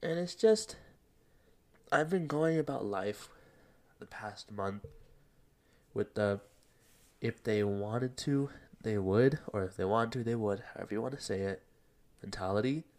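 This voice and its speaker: A man's voice: on the low side, animated, a little slow, pauses often, darkish tone. A young man hosting a solo podcast, rambling in casual slang, laughing at himself and a bit out of breath. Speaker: podcast host.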